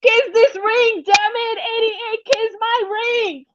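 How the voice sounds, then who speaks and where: Woman putting on a shrill diva demanding loyalty. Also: fairly even intonation, slow pace, muffled recording, noisy background. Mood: indignant.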